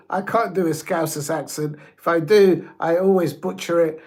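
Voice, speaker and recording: A man hosting a live football watch-along, rambling excitably and stumbling over his words as he gives predictions. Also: on the high side, normal speed. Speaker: football fan channel host.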